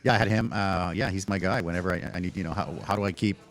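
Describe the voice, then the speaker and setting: A man from Canada hosting a podcast, chatting casually and telling animated stories with acted-out voices. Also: sits low, fast. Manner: animated storyteller, acts out other people's voices. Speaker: podcast host. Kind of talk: casual chat.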